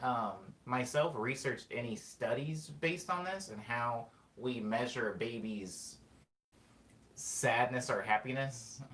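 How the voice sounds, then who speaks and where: A man of medium pitch and fairly bright tone hosts a podcast, wandering through a casual monologue packed with fillers, restarts and self-corrections. The room is echoey, with faint ambience.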